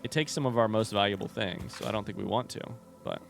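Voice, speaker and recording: Soft music plays behind this young man from the United States as he talks fast in a fairly low, creaky voice. It's a casual game stream where he chats with viewers, rambling, joking on the side, and often breaking off before finishing a sentence.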